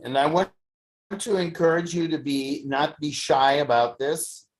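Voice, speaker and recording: Slow, halting study class teacher. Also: mid-range voice. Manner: halting, many fillers and restarts. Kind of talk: slow, thoughtful lecture. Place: study session streamed on video call.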